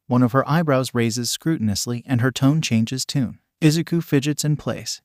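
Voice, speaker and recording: A man giving a steady, scripted narration of a fan-fiction story. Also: mid-range voice, no echo, clean studio sound.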